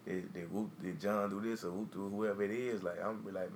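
A man's voice: sits low, steady tone, fairly quick, a little hiss or hum. A man co-hosting a casual podcast, talking bluntly, swearing freely and acting out what he would say. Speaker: podcast co-host. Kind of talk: casual chat.

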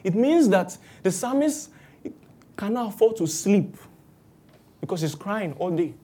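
A woman preaching a sermon, lively and acting out the voices of people she quotes. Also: mid-range voice, unhurried, slightly rough. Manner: animated, acts out quoted voices with exclamations.

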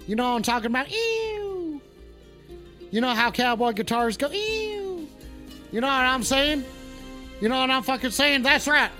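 Guy playing a cussing cowboy on a live stream, super high bright voice, faint music behind. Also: fairly even intonation, fast talker. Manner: playing a swearing, touchy cowboy persona with a put-on drawl; rambling, profane, reacts to chat. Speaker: call-in show host on a live stream. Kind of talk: in-character comedic live-stream banter.

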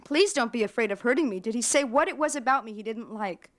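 A woman's voice: fairly high pitch, fast, close to an everyday voice. A woman voicing a timid, pleading old widow. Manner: quiet, pleading questions.

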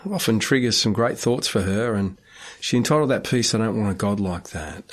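A radio host with a fairly low voice talks listeners through the show in a relaxed, chatty way. He stumbles and restarts now and then, as in an unscripted link. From Australia. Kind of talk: casual radio presenting.

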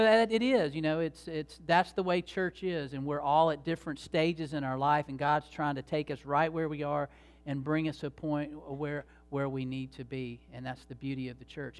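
A man preaching a sermon as pastor, in a conversational, folksy way with many fillers and restarts. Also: fairly high pitch.

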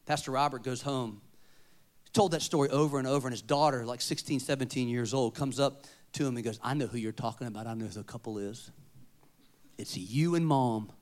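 A man preaching a sermon, moving between loud emphatic points and quiet storytelling. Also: on the high side. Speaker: pastor.

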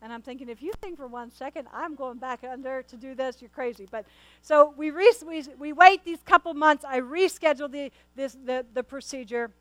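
A high-voiced woman pastor delivers a sermon. She speaks straight to her congregation in an earnest, conversational way, often stumbling over and repeating her words as she tells a story. The sound is close and dry, with no room echo. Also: fairly quick, fairly bright tone.

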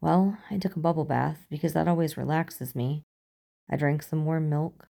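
A woman's voice: low voice, steady tone, normal speed, vocal fry, mellow. A woman reading the part of a tired, sleepless female FBI agent, speaking in a weary, clipped and self-conscious way.

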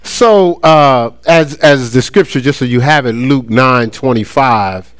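A middle-aged man preaching a sermon, lively and conversational, often acting out playful voices. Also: mid-range voice, unhurried, no echo. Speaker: pastor.

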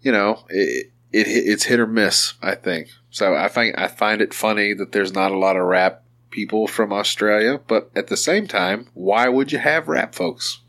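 A man's voice: on the low side, moderate pace, few pauses, fairly bright tone. An American man hosting a podcast, chatting in a crude, joking way full of swearing. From United States. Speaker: podcast host. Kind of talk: casual chat.

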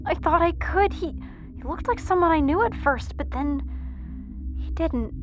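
A woman's voice: very high voice, expressive, moderate pace, soft background music. A woman voicing a terrified young woman calling for help, stammering in panic.

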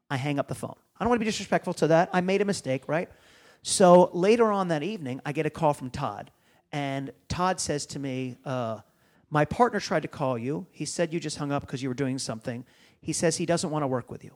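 Fast-swearing male comedian telling a story. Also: on the high side. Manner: swears freely, acts out phone calls. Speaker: podcast guest, comedian. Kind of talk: animated storytelling.

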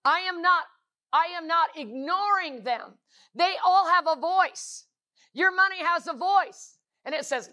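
A woman delivers a sermon in a high, bright voice. She speaks emphatically, hammering points home through repetition. She keeps asking rhetorical questions of the congregation. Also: measured pace. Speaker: preacher.

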